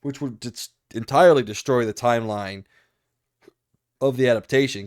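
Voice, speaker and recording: A man's voice: mid-range voice, normal speed, dry recording, clean studio sound. A man co-hosting a podcast, talking casually and animatedly, rambling with frequent laughs. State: hiccuping. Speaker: podcast co-host.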